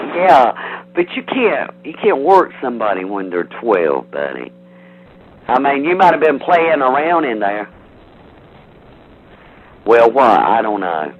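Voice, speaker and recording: A man's voice: medium pitch, big pitch swings, takes it slowly, long pauses. Guy ranting over a tinny phone, voice jumping all over, repeats himself, warns and threatens. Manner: defensive, threatening, rambling with restarts. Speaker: prank call target. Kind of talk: heated phone call. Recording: tinny phone line, faint hiss.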